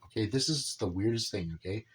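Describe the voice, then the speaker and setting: A man's voice: lowish voice, fairly quick, a little hiss or hum. A man rambling casually through a personal story about his son, filling his talk with "right?" and "dude". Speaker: father telling a personal story.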